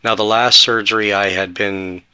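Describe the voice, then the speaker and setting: A man's voice: on the low side, steady tone, moderate pace, pushed and bright, clean tone. A man in his forties, a podcast guest earnestly telling his own story and acting out the conversations he had. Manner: earnest, retells talks with quoted dialogue. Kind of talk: personal storytelling.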